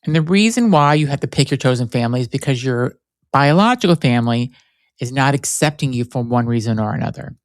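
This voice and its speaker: Male solo podcast host, smooth and dry, rambling storyteller with lots of "like". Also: medium pitch, lively intonation, fairly quick, no echo. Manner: rambling storyteller, frequent "like" fillers. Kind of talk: solo conversational podcast talk.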